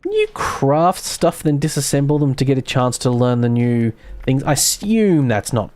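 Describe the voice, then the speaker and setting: A man's voice: mid-range voice, big pitch swings, normal speed, darkish tone. A man streaming a video game, thinking aloud in casual, self-mocking commentary.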